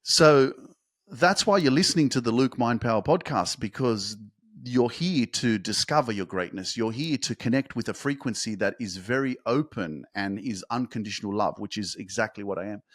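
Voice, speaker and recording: A man hosting a motivational podcast, talking fervently and emphatically, swearing for emphasis and building to fast, intense peaks. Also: mid-range voice, lively intonation, fairly bright tone, no echo, studio quality. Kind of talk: motivational monologue.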